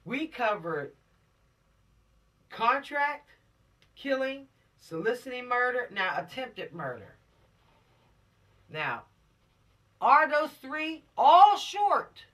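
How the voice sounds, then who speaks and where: Guy lecturing teens on the law, bright sharp voice, kinda preachy, asks lots of questions, sits back from the mic. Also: fairly high pitch, recorded from a distance. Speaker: teacher of a law video series for teens. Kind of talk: casual spoken lesson.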